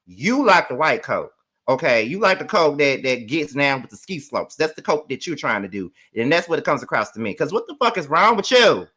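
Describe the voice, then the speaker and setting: Male vlog host, sassy and profane, a bright, forceful voice pitched a bit high. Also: fairly quick, slightly rough. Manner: animated, profane, sassy ranting. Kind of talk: casual reality show recap commentary.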